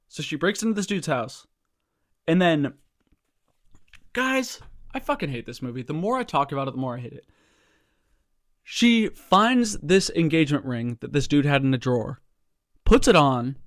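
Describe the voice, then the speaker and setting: A man's voice: medium pitch, no room sound, studio quality. A man ranting casually about a movie to his viewers, exasperated and profane, rambling with lots of fillers and calls of "guys". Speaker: vlogger reviewing a movie. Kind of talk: casual rant to camera.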